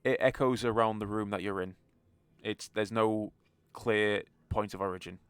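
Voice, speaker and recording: A man running a tabletop game as game master, with relaxed fillers and chuckles. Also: on the low side, normal speed, clear, resonant tone, no room sound.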